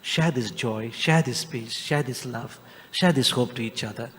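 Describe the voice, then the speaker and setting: A man with a Malaysian English accent, a Catholic priest giving a homely, joking Christmas homily with drawn-out emphatic phrases. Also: medium pitch. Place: large church. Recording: long church reverb.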